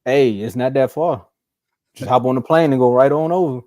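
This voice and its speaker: A man hosting a casual sports talk show, animated, acting out what players might say in playful put-on voices. His voice is mellow and warm, recorded close and dry with no room sound. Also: mid-range voice, moderate pace, no echo. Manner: animated, acts out quotes in mocking voices. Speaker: sports podcast host.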